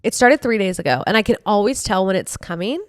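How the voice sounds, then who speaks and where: A woman's voice: medium pitch, expressive, fast, no room sound, studio quality. A young adult woman, co-host of a podcast, telling a story in casual chat, full of fillers like "like". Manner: chatty storytelling with lots of "like".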